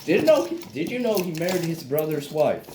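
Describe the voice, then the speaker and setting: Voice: mid-range voice, sing-song, normal speed. A friend from Hungary chatting casually and bluntly, swearing, in a home kitchen. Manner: blunt, swearing, laid-back. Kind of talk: casual chat. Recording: echoey, distant, noisy phone audio.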